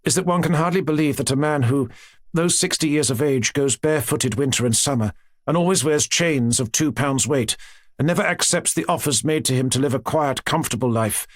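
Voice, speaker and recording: A man reading a gentle, anxious mother. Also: mid-range voice, brisk, dry recording, studio quality, lightly acted. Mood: earnest.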